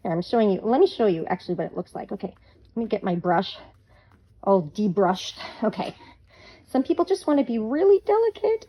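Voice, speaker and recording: A woman hosting a hands-on craft tutorial, chatty, playful and quick to get excited. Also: medium pitch, breathy edge, muffled recording.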